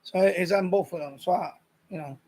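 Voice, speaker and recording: High-voiced man rambling on a stream. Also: fairly quick, mellow, breathy edge. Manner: rambling, repeats himself, reads viewer comments aloud. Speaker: live stream host. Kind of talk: casual chat with live viewers.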